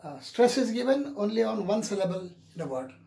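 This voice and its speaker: A man teaching an English pronunciation lesson in a deliberate way, repeating each example word several times. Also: sits high, very animated, creaky, dark tone. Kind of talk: classroom lecture on pronunciation. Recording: echoey room.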